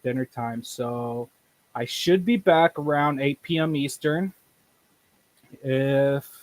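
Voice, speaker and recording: A man's voice: mid-range voice, dry recording. Canadian man, casual streamer, cusses a lot, dry close-miked sound. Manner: blunt, swears freely. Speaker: live streamer.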